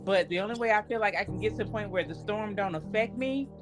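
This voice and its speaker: Woman podcast co-host, animated and joking, soft guitar bed underneath. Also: medium pitch, fast. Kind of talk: casual faith conversation.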